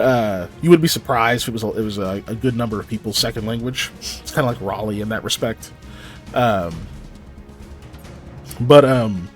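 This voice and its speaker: A man narrating as game master for a tabletop game, halting with many ums and likes. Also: mid-range voice. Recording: faint background music.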